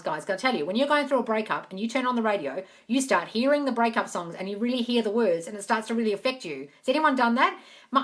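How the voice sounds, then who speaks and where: A woman hosts a casual live question-and-answer stream from Australia, reading viewer comments aloud, chatting, swearing casually and calling listeners darling. Her voice is medium in pitch and a bit bright.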